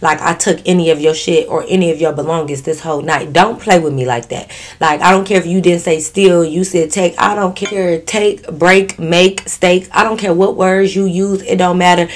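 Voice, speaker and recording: A woman vlogger telling a story in a casual storytime, blunt, profane and animated. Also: on the low side, moderate pace.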